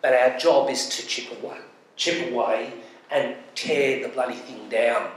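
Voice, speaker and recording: A man's voice: mid-range voice, a little slow. Impassioned Australian man in an echoey hall. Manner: impassioned, emphatic repetition. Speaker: panelist, charity advocate. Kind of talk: public panel talk with storytelling. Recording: echoey hall from far off, faint noise.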